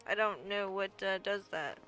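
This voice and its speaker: A woman streamer who talks over her game in a casual, excitable way, reacting out loud to what she sees. Her voice is bright and lively, and faint game music plays behind her. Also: medium pitch, moderate pace. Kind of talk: casual gaming commentary.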